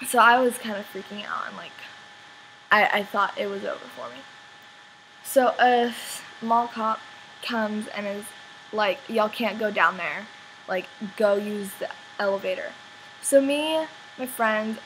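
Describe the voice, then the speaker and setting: A woman's voice: on the high side, a little hiss or hum, poor audio. A teenage girl, telling a story in a casual vlog, rambling and full of "like". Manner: rambling, many "like" fillers. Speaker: vlogger.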